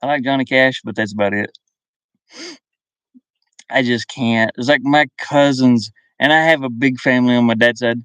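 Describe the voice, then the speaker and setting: A man's voice: medium pitch, fairly even intonation, normal speed, pauses often, a bit bright, clean tone, no room sound. Easygoing American man, faint Southern drawl. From US South (Kentucky and Virginia). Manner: easygoing, chuckles often, thinks aloud. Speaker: live-stream host. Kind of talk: casual live-stream chat, reading viewer comments. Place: inside his van.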